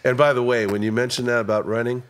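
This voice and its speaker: A man's voice: mid-range voice, little pitch movement, fast talker. A man in his fifties hosting a casual interview podcast, asking questions and making self-deprecating jokes. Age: 50s. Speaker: podcast host.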